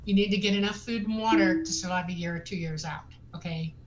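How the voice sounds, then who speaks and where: A woman, a guest on a talk show, giving emphatic advice and filling pauses with um and uh. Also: fairly low pitch, steady tone, lo-fi sound, slight background noise. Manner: emphatic advice with many um fillers.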